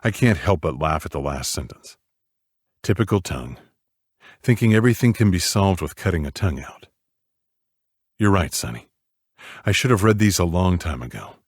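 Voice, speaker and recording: A man narrating a romance audiobook in the first person, subdued and measured. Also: deep voice, animated, husky, no echo, clean studio sound.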